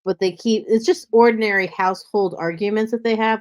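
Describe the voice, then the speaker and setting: A woman's voice: medium pitch, normal speed, hardly any pauses, darkish tone. A woman hosting a podcast, chatting casually and animatedly, often slipping into mimicked accents as she talks. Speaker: podcast host. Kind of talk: casual interview chat.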